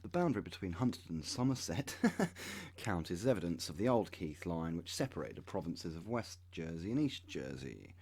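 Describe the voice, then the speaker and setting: A man's voice: low voice, very animated, brisk, darkish tone, breathy edge. A man in his thirties reading web pages aloud and adding wry, sarcastic asides as a channel host. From United Kingdom. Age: 30s.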